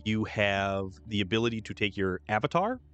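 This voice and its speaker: A man's voice: fairly low pitch, lively intonation, moderate pace, fairly bright tone, highs cut off. A man hosting a game stream, chatting casually and reading out vehicle details. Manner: chatty, reads truck descriptions aloud. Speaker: streamer host. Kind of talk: casual gameplay chat.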